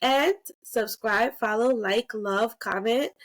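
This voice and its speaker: Young woman podcast co-host, sick and hoarse, slow and giggly in casual chat. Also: on the high side, dry recording. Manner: giggly, drawn-out delivery. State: hoarse from a cold.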